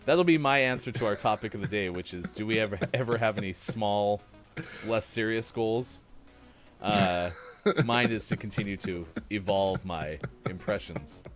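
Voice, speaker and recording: A man's voice: fairly low pitch, moderate pace, faint music behind. A man hosting a morning show, chatting casually and reading out birthdays in a jokey, self-mocking way.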